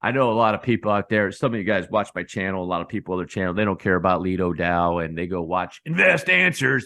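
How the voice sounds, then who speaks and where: A man hosting a casual chart commentary, rambling and repeating himself, calling his viewers guys and breaking into excited bursts. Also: deep voice, fast talker, gravelly, hardly any pauses. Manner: excitable bursts with sound effects. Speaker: crypto channel host.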